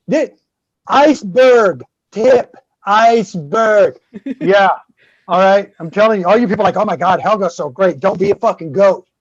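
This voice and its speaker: A man's voice: very high voice, no echo. A man guest-hosting a casual podcast talks in a dull, lo-fi mic sound with a dry, close feel. He swears freely and acts out the people in his stories. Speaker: guest host.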